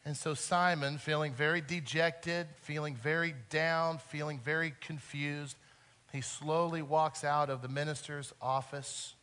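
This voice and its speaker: A man preaching a sermon earnestly, swinging between loud emphasis and soft, quiet moments. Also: a little high, steady tone, a little slow, clear, resonant tone. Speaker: pastor.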